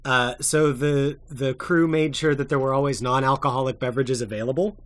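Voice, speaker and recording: Halting, laughing man podcast guest. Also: medium pitch, fairly even intonation. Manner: halting, laughing, with many restarts. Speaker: podcast guest, former reality show contestant. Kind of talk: casual chat.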